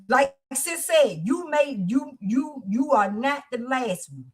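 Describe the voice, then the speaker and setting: A woman's voice: high-pitched, lively intonation, slow, hardly any pauses, husky. A woman hosting a livestream support circle, speaking in a fervent, preacher-like way. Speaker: host. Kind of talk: livestream talk.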